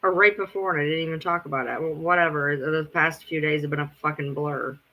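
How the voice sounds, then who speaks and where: A man's voice: on the high side, fairly even intonation, fast talker, bright, forceful tone. A man chatting casually on a live stream, rambling, swearing freely and answering his chat as he goes.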